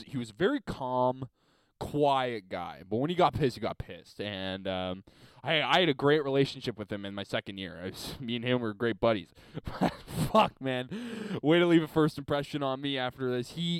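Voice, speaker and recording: A man's voice: medium pitch, smooth, no echo. A young adult man hosting a podcast alone in a basement, telling rambling, profane, self-deprecating stories. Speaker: podcast host. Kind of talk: casual comedic storytelling.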